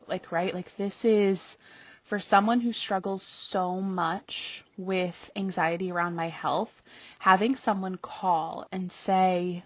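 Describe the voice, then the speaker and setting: A woman hosting a podcast, telling a personal story in a casual, animated way, laughing often and rising high when acting out her own reactions. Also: slow pace, dry recording, highs cut off. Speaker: podcast host.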